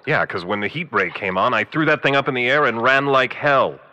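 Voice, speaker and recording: A man's voice: medium pitch, a little fast, pushed and bright, long reverb tail. A man acting in a comic radio drama with a brash, wisecracking manner. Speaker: radio theater actor.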